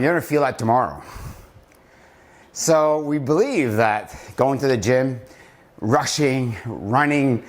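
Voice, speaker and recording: A man leading viewers through slow push-ups while counting aloud, then reflecting on slowing down, a little out of breath. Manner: reflective, drops low and soft to make points. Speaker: company founder giving a motivational talk. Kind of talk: casual motivational vlog talk.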